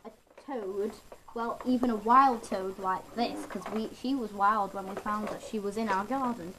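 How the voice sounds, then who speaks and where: A woman vlogger at home casually showing and explaining her pet toad in a halting, rambling way with many restarts. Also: mid-range voice, steady tone, background noise. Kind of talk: casual show-and-tell.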